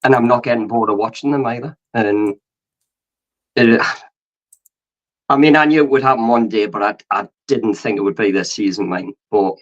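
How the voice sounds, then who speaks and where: A hoarse, hung-over man rambling as a guest on a casual video call show. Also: on the low side, normal speed, pauses often, highs cut off. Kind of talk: casual chat.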